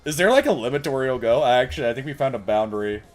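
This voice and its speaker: A man giving live, excitable commentary while playing a video game, laughing and shouting commands to a pet. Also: medium pitch, racing, faint music behind. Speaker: game streamer.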